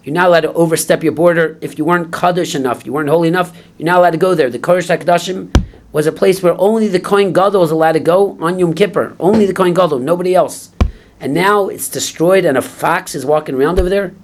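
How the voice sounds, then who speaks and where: A man gives a Talmud class. His voice sits a little high, and he works through the text phrase by phrase, first reading the original, then translating and explaining it. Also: fast, a little hiss or hum. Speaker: Talmud teacher.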